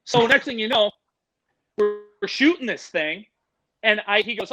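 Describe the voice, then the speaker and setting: Bright-voiced, animated storytelling man. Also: high-pitched, normal speed, long pauses, rough recording. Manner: animated, profane, acts out quotes. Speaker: animal handler guest. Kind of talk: casual anecdote telling.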